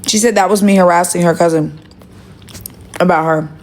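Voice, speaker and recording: A woman's voice: on the low side, steady tone, moderate pace. Woman venting on a phone livestream. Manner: gossipy, profane, emphatic swearing. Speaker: livestream host. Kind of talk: rambling livestream chat.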